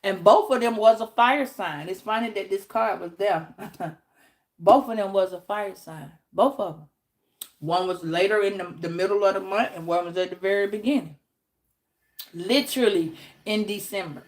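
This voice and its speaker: A woman's voice: medium pitch, normal speed. A woman tarot reader telling a story in a casual, emphatic way. She repeats her points and swears freely.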